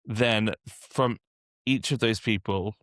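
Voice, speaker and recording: A man's voice: on the low side, takes it slowly, fairly bright tone, no echo, studio quality. A man who works as a dialect coach, answering interview questions with practical, step-by-step advice. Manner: practical, encouraging, explains step by step.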